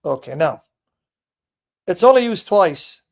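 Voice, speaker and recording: A man hosting a live stream, lecturing a caller in a heated, forceful way. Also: sits high, very animated, slow, vocal fry. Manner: forceful, lecturing, berating chat commenters. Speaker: livestream host. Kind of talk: heated live teaching and chat.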